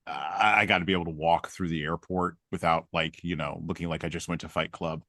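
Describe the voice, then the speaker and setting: Podcast host, male, very low voice, dry close sound, humorous storyteller. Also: fairly even intonation, a little fast, sharp tone, no room sound. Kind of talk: casual conversation.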